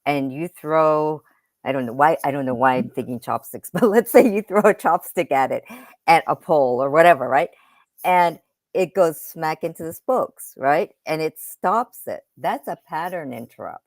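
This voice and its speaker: A woman's voice: sits low, expressive, normal speed, no echo. A woman guest on a talk show, explaining an idea with step-by-step examples and often checking in with "right?". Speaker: podcast host guest. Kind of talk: conversational interview. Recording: dry close sound.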